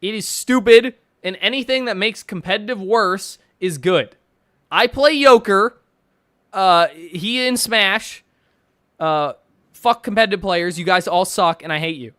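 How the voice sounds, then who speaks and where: A young man with a high voice talks a little slowly, his fairly bright tone captured cleanly in a studio with no room sound. He's casually chatting on a stream and reading donations, rambling and swearing, laughing often and using plenty of fillers.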